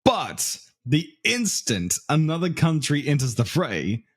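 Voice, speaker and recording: A man's voice: on the high side, huge pitch swings, slow pace, slightly rough. A man with a New Zealand accent talks casually as a podcast guest. He is loose and chatty, laughing often and poking fun at himself. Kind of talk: casual chat.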